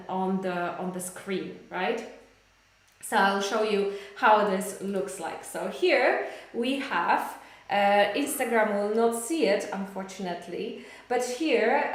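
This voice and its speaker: A woman's voice: medium pitch, very echoey. A woman with a Polish accent teaching a live online English lesson, chatting with viewers and reading out their comments. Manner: chatty, addresses viewers warmly, reads out comments.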